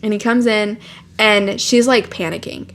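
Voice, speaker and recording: A woman's voice: mid-range voice, a little slow, gravelly. A young woman co-hosting a podcast, casually retelling a novel's plot with lots of fillers and swearing. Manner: animated retelling with profanity and "like" fillers. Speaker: podcast co-host. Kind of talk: casual book chat.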